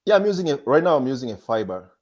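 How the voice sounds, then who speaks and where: A man's voice: medium pitch, big pitch swings, fast. Hesitant man, DJ guest. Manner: hesitant, restarts sentences, soft-spoken. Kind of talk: casual interview chat.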